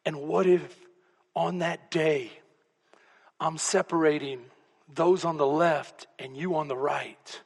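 A Texan male pastor telling a story in his sermon, animated and conversational, swinging between loud bursts and hushed asides. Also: on the high side, takes it slowly, vocal fry, breathy edge. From Texas. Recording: long reverb of a church hall.

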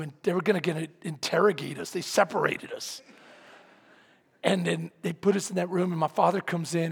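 A preacher from San Antonio, Texas, telling a story in a sermon to his congregation, animated and often shouting, then quiet and earnest. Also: high voice, gravelly, breathy edge. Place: large hall, speaking to a congregation. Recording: long hall reverb.

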